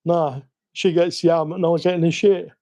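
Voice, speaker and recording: Cockney man, slightly high voice, mellow tone, easygoing live-stream chatter, self-mocking. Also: flat delivery, moderate pace, lo-fi sound. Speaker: hobby livestream host. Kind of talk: casual live-stream chat while working.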